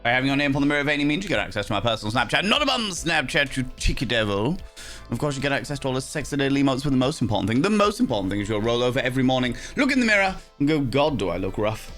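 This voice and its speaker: A young man's very animated, very fast, slightly bright voice comes through with faint music behind it. He chats casually on a live stream, teasing viewers playfully with theatrical pitch swings, though he is a bit under the weather with sore sinuses.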